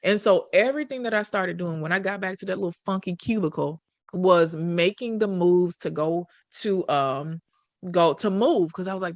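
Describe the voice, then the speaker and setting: A woman hosting a podcast, chatting casually and telling a story with lively voiced quotes. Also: on the low side, normal speed, no room sound. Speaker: podcast host. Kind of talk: casual chat.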